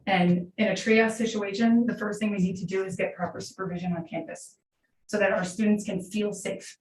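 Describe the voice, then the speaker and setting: A woman's voice: mid-range voice, steady tone, a little fast, a little mellow. Brief: woman in her 40s, veteran teacher, heartfelt unscripted public comment, roomy hall sound, mic set back. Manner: earnest, heartfelt, unscripted storytelling. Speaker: middle school teacher giving public comment. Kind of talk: public comment at a school board meeting. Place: large meeting room. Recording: echoey room, distant mic, faint hiss.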